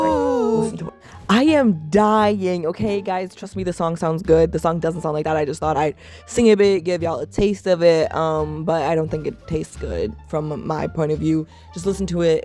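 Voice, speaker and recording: Animated young woman telling a story. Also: on the low side. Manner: animated, dramatic, jokey. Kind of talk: casual storytime vlog.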